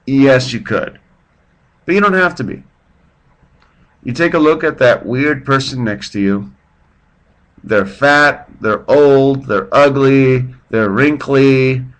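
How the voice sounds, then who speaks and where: A man's voice: medium pitch, takes it slowly, pauses often. A man hosting his own podcast off the cuff, rambling and self-deprecating, telling a joke with little voices for its characters. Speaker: podcast host. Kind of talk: off-the-cuff casual monologue. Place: at home, drinking beer while his partner sleeps.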